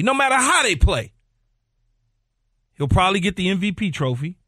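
High, lively sports radio co-host man. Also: moderate pace, pauses often, no echo, studio quality. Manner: emphatic, repeats phrases to hold the floor.

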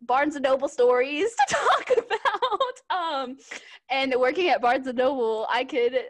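A woman's voice: high-pitched, expressive, measured pace. A young woman co-hosting a podcast in casual, rambling chat, giggling often and filling gaps with "like" and "um". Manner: giggly, rambling with many fillers. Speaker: podcast co-host.

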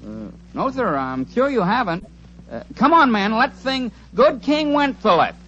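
A man's voice: big pitch swings, a little slow, a crowd in the background, full character voice. An actor playing Lou the Lisper, a lisping, menacing male crook, in a 1940s radio play with dull, old sound. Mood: feigned polite. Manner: lisping, low threatening.

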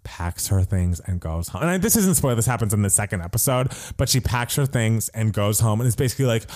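Animated man recapping a show. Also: fairly low pitch, quick pace. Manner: animated storytelling, acts out quotes, many fillers. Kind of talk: casual chat.

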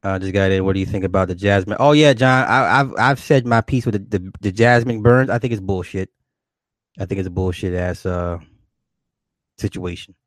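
Male streamer, casual and profane, fields chat questions; lower voice, dry close recording. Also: normal speed, no room sound. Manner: loose, profane, rambling, answers chat questions aloud; animated, jumps up in pitch when greeting viewers. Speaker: livestream host reading chat.

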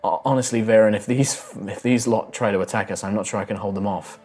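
A man's voice: on the low side, fairly even intonation, a little mellow, natural voice. A man voicing a brusque teenage half-elf warrior woman who swears and speaks bluntly. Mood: doubtful. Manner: blunt, swears, rapid and defensive.

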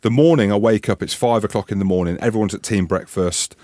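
Telling stories on the podcast he co-hosts, a man in his thirties who used to play rugby is casual, animated and sweary, putting on voices as he goes. His voice is lowish and he talks fast, with no room sound.

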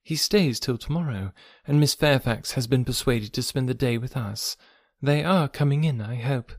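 A man reading the part of a gracious, middle-aged gentlewoman hostess in a storybook, polite and gentle. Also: mid-range voice, moderate pace, no echo, clean studio sound, voice pushed up, close to an everyday voice. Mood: pleased.

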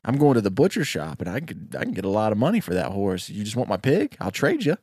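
A casual, persuasive stranger pushing a trade for his pig, as a man puts him on. The voice is lively and heard dry and close. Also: on the low side, fast talker, slightly rough, no echo, full character voice. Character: grown man with a pig, dealmaking.

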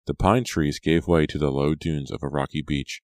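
A man narrating an audiobook in a steady, even storytelling manner. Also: very deep voice, normal speed, dry recording, clean studio sound. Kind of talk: scripted narration.

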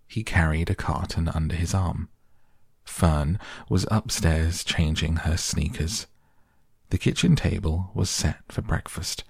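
A man hosting a sleep podcast, reading bedtime stories in a soft, slow, soothing way. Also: low voice, creaky, breathy edge, no room sound, studio quality. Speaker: podcast host and audiobook reader. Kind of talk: softly spoken bedtime story reading.

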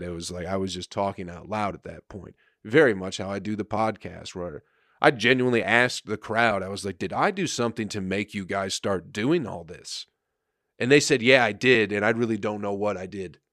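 A man's voice: lowish voice, a bit bright, dry recording, studio quality. A man, a comedian and podcast host, telling a rambling, profane story in casual chat with frequent laughter.

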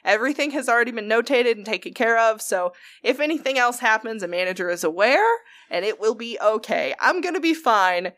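A young woman telling a story in a casual chat, animated and sweary. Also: fairly high pitch, brisk.

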